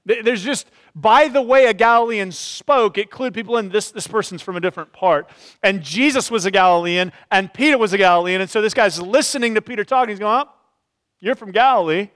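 A man preaching an expository sermon in a church. He talks reflectively and often softens his points with "sort of.". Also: sits high, brisk, clean tone. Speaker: pastor.

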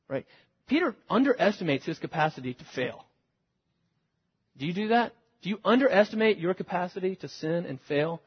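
A man's voice: sits high, expressive, a little fast, husky. A man preaching a sermon as pastor, earnest and questioning his listeners directly. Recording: lo-fi, reverberant hall.

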